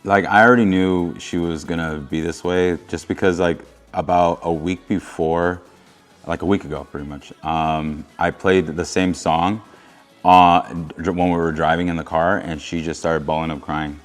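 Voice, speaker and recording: A young adult man co-hosting, talking casually in a relaxed, earnest way. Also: sits low, moderate pace. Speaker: co-host recounting his proposal. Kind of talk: casual chat.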